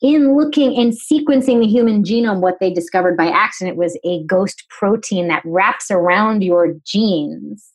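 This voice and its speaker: A woman in her forties from New England, a nutritionist telling her story as a podcast guest, articulate and animated, acting out the dialogue. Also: mid-range voice, normal speed, few pauses, low-quality recording. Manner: articulate, explanatory. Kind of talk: conversational storytelling interview.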